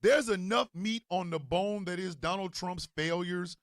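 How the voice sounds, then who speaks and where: A male show host with a mix of New Jersey and Missouri accents who gives a loud, profane political rant, with bursts of shouting. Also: sits high, unhurried, no echo, studio quality.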